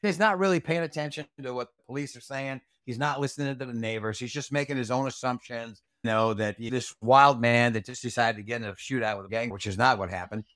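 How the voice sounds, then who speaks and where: A man's voice: medium pitch, quick pace, hardly any pauses, fairly bright tone, no room sound, studio quality. A man recounting a night from his Army days as an interview guest, blunt, profane and heated. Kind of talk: casual storytelling interview.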